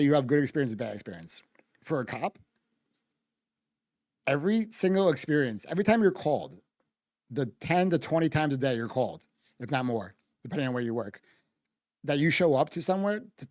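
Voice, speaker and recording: A man's voice: on the high side, expressive, normal speed, long pauses, a little mellow, no echo. A man streaming his reaction to a video, ranting casually and heatedly with lots of swearing and restarts, on a close microphone. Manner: profane, heated, argumentative, many restarts.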